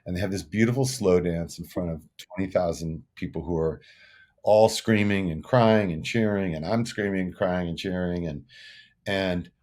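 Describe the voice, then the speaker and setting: A man's voice: sits low, normal speed, darkish tone. A man in his sixties, a musician guest telling stories in an earnest, reflective way, often repeating words as he thinks. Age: 60s. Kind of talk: casual interview storytelling.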